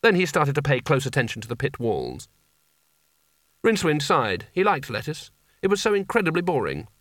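A man narrating a comic fantasy novel aloud with wry, expressive storytelling. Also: fairly high pitch, normal speed, dry recording, studio quality. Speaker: audiobook narrator.

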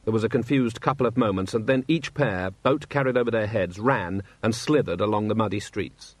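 A man reading a story aloud in a wry, steady narrating voice, acting out the characters. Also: on the low side, fairly quick, no echo. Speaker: audiobook narrator. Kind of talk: scripted narration.

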